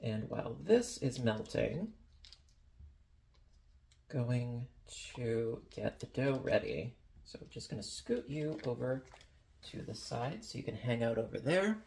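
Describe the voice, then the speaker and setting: Gravelly-voiced casual home baker. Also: medium pitch, animated, slow, a little mellow, slight background noise. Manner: chatty and playful, with jokey asides. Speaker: home baking vlogger. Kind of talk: casual cooking demonstration. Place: home kitchen.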